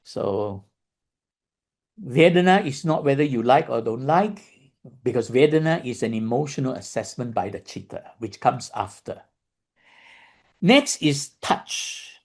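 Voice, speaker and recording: A man's voice: medium pitch, animated, a little slow, pauses often. A man giving a dharma lesson. He explains patiently, repeats points, and keeps checking in with listeners by asking "okay?" and "right?". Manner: repeats points and restarts phrases. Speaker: meditation teacher.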